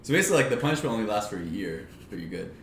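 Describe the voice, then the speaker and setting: A man's voice: fairly low pitch, sing-song, very fast, a little hiss or hum. A man co-hosting a podcast in casual chat, rambling and giggly, often acting out little quotes. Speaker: podcast co-host. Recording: roomy echo.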